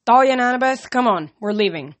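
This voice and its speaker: A woman's voice: on the high side, animated, fast, voice pushed up, close to an everyday voice. A woman reader voicing a hurt, defiant teenage boy who speaks bitterly in a storybook.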